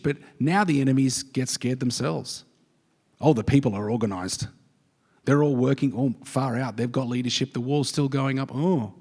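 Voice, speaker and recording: A man preaching in a church, his voice carrying with a long reverb off the hall. He tells the story with animated drama, dropping to hushed whispers and rising to rousing calls, and his voice sits at a middling pitch. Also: moderate pace. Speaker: pastor. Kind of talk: sermon.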